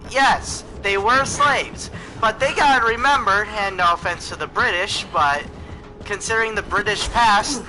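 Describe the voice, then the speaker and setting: A young man co-hosting a casual podcast chat, excitable and rambling, full of fillers. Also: sits high, measured pace, soft background music, poor audio. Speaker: podcast co-host. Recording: faint background noise.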